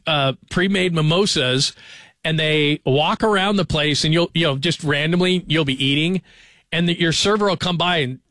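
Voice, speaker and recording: A man's voice: a little high, sharp tone, no room sound. A man in his forties hosting a sports radio show from a studio microphone, chatting casually and rambling through stories with plenty of fillers. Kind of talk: casual talk radio chat.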